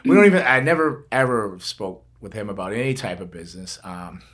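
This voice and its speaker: An older man, a former wrestler hosting a podcast, talking in a rambling, animated way full of asides. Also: lowish voice, fairly quick. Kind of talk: casual chat.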